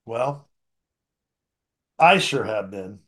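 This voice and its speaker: A man preaching a sermon to his congregation, reading scripture aloud and commenting in a conversational way, moving between emphatic bursts and quiet asides. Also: fairly low pitch, expressive, extremely slow.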